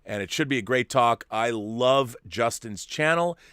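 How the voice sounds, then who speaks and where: A man's voice: mid-range voice, a bit bright, smooth, no echo. Chatty male livestream host, dry sound. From California. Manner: chatty, quick asides and chuckles. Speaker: show host reading super chats. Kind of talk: casual livestream chat.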